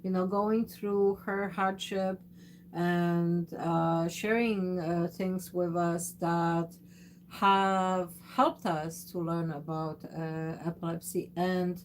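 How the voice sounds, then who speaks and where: A woman hosting a casual livestream chat, talking haltingly with many fillers and restarts in a gently instructive, motherly way. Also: on the low side, little pitch movement, a little hiss or hum. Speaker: host of a livestream channel.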